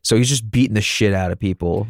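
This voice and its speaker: A man's voice: on the low side, fast talker, dry recording, clean studio sound. A man co-hosting a podcast, chatting animatedly about films with laughs. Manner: animated, laughing film talk. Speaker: podcast co-host. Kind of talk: casual chat.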